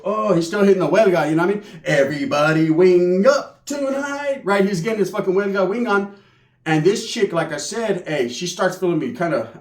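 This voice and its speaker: A young man telling a comedic story in profane, slangy street talk. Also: high voice. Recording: roomy echo.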